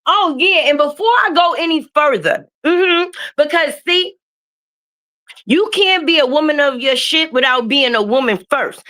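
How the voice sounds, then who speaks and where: High, bright-voiced woman streaming live. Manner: animated, blunt and profane, calling out names. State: sniffly from a cold. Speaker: livestream host. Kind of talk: casual live-stream chat. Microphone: webcam or phone mic while streaming.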